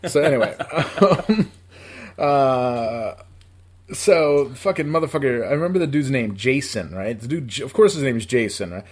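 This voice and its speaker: A man's voice: medium pitch, expressive, moderate pace, darkish tone. Profane rambling man telling a story. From upstate New York. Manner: profane, rambling, laughs often. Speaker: podcast co-host. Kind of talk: casual storytelling.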